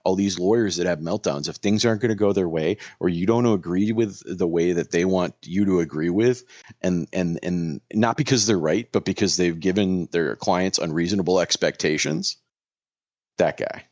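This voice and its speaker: Man, deep low voice, dry close sound, lively storyteller, lawyer chatting on a podcast. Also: normal speed, dry recording. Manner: animated, acts out quoted lines.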